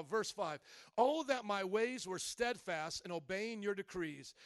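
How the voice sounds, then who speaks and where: High-voiced animated man preaching. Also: no room sound, clean studio sound. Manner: animated, acts out little scenes, calls to the congregation. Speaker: pastor. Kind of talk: sermon.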